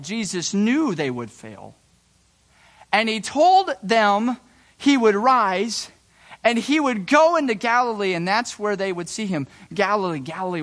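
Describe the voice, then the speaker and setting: A man delivering a sermon with dramatic swings, sinking into hushed, low phrases and climbing into loud, high bursts of excitement. Between these he drops into folksy asides, stumbling and restarting words as he goes. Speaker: pastor.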